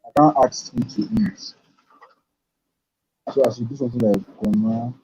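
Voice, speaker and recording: A man teaching a live-streamed programming lesson, thinking aloud in halting phrases as he types. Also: mid-range voice, fairly even intonation, breathy edge. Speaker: programming tutor. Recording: dull lo-fi stream audio.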